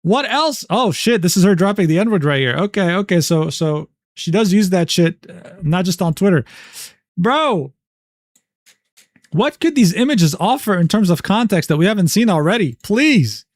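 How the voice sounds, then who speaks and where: Guy streaming, reading drama screenshots out loud, swears a lot, sarcastic, kinda high voice, dry close sound. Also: sing-song, normal speed, dry recording. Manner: profane, exasperated, sarcastic asides; reads chat messages and screenshots aloud. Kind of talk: casual livestream commentary.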